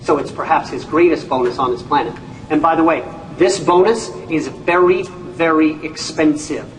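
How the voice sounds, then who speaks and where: A man, a company CEO, giving an animated training talk to an audience, telling stories and acting out people's reactions with folksy exclamations. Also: a little high, normal speed. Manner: storytelling, acts out voices, folksy exclamations. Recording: echoey room, speaker far from mic.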